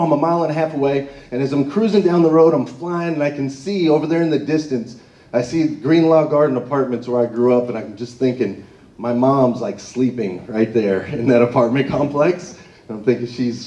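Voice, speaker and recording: A man giving an animated storytelling speech to a live audience, often tagging his lines with "right?". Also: medium pitch. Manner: animated, tags phrases with "right?". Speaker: motivational speaker. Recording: echoey room, far from mic.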